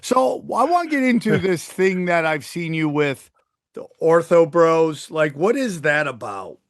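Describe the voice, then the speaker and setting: A man's voice: on the high side, sing-song, a little slow, no echo, studio quality. A middle-aged man hosting a casual podcast chat, talking bluntly with plenty of swearing and many restarts. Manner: blunt, profane, rambling with restarts. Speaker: podcast host.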